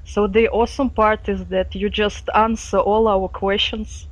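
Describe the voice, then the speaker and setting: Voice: mid-range voice, flat delivery, a little slow, dry recording, rough recording. An interviewer asking questions in a jokey way, laughing often.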